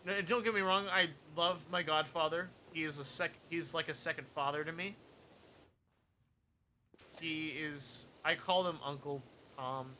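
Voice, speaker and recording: A man's voice: on the high side, fairly even intonation, unhurried, pushed and bright, slight background noise. A man streaming a cleaning game, casually narrating his progress in muttered asides and dry jokes. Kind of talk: casual gameplay commentary.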